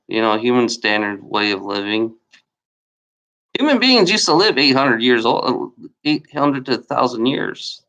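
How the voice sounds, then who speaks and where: A slightly bright, medium-pitched male voice carries this YouTuber's video rant. He rambles, curses and repeats himself, angrily insisting that he has been lied to.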